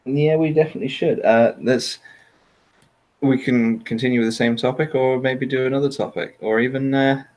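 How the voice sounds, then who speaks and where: A man's voice: mid-range voice, fairly even intonation, normal speed, darkish tone. A man hosting a casual chat, rambling with hesitant fillers and laughing often. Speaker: podcast host.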